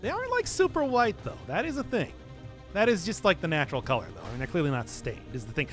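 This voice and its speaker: Young male streamer, lively, higher-pitched, chatty and self-mocking, faint music behind. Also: fast talker. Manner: laughs often, answers chat, self-mocking. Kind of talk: casual gameplay commentary.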